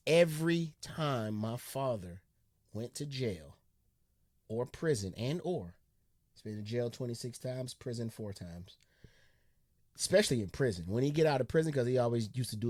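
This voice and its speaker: Casual reaction-channel host, dry sound. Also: male voice, medium pitch, moderate pace, no echo. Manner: relaxed, conversational, slang-heavy.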